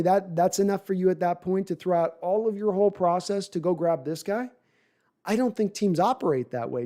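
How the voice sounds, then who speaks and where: A man's voice: high-pitched, warm tone. A man hosting a live sports podcast, talking at length and reading chat comments, often repeating words as he restarts sentences.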